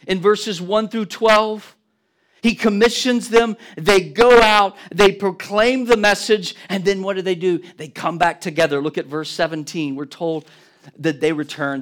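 A man preaching a sermon as a guest preacher. He speaks emphatically, asks the congregation questions, and repeats words when he gets excited. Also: high-pitched.

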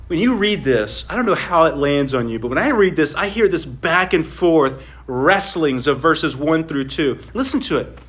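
A man preaching a sermon as pastor, earnest, his voice rising on pleading lines and dropping low on asides. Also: lively intonation, moderate pace, few pauses, fairly bright tone.

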